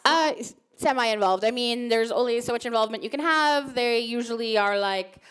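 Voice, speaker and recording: A woman's voice: fairly high pitch, moderate pace, fairly bright tone, clear, resonant tone. A woman in her thirties answering fan questions on stage, chatty, with lots of fillers and laughter. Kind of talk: casual Q&A on stage.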